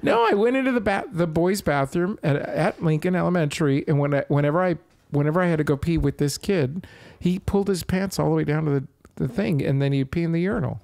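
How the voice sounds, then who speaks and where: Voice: mid-range voice, fast talker, vocal fry, a little mellow, no room sound. A podcast co-host in casual chat, teasing and cracking jokes. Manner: teasing, joking interjections.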